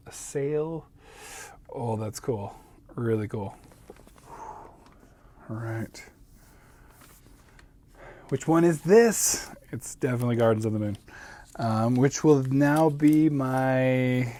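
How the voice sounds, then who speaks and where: Brief: man, thirties, a casual book vlogger, excitable and chatty with a mid-range voice. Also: mid-range voice, slight background noise. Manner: chatty, excitable, laughs often. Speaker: book video host. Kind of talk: casual book haul vlog.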